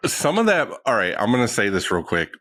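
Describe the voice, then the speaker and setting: A man in casual podcast chat, telling a story with a lot of swearing and animated outbursts. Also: medium pitch, brisk, no echo. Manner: animated, profane, ranting storyteller. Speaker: podcast guest.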